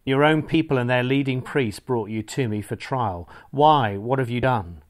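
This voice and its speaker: A stern, uneasy Roman governor, as a male scripture reader puts him on, pressing his questions in a slightly raised voice. He sounds like a man reading aloud in church, just a little brighter and more forceful than his own narrating voice. The delivery stays measured and plain. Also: mid-range voice, close to an everyday voice. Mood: questioning.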